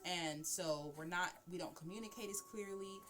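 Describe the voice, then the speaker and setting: A woman hosting a casual chat, animated and laughing as she acts out everyday examples. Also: fairly low pitch, normal speed, noisy background. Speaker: host.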